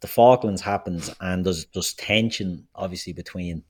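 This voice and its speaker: A man's voice: deep voice, moderate pace, darkish tone, husky. A man co-hosting a casual football podcast, opinionated and blunt, with frequent swearing. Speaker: podcast co-host. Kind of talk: casual chat.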